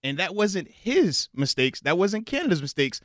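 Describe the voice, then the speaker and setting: Man, sports talk co-host, argumentative, slightly higher voice, dry close sound. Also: very animated, moderate pace, fairly bright tone, no echo. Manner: argumentative, builds points with questions. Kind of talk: casual sports debate.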